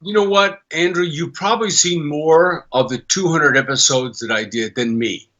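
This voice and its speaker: A man's voice: a little high, moderate pace, lo-fi sound. An older man, a veteran voice actor, telling stories as a podcast guest and slipping into character voices. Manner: animated storyteller who slips into character voices. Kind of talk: podcast interview.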